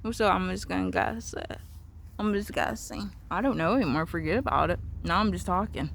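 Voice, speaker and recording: Casual vlogger, rambling and repetitive, mid-pitched voice, outdoors in a backyard with faint ambient noise. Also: a little fast, creaky, fairly bright tone. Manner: rambling, repetitive, free-associating.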